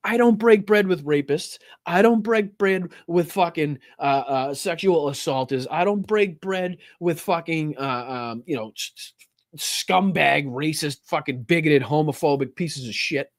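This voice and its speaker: A man's voice: on the high side, no room sound, clean studio sound. Angry, foul-mouthed ranting man. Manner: angry, profane, heated ranting; quick stammering restarts. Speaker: political commentary host. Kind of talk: livestream political rant.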